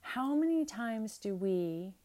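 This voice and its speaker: A woman's voice: on the high side, expressive, takes it slowly, dark tone. A woman pastor reading prayers aloud, then preaching in an earnest, conversational way with asides.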